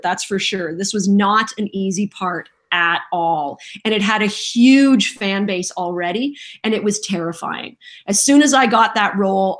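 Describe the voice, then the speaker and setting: A middle-aged woman, a voice actress guest on a podcast, telling lively stories and acting out voices and quotes in casual chat. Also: mid-range voice. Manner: lively storyteller who acts out voices and quotes.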